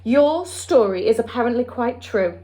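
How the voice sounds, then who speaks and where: A woman reading the part of a brisk, commanding queen, speaking in a regal, clipped way. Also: fairly high pitch, lively intonation, mellow, pitched above the performer's own voice, close to an everyday voice.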